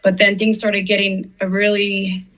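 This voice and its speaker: In slightly dull, muffled audio, a middle-aged female artist recounts her own story during an interview, earnest and emotional, voicing the people she quotes. She speaks at a medium pitch, a little slowly and monotone, with a fairly bright tone.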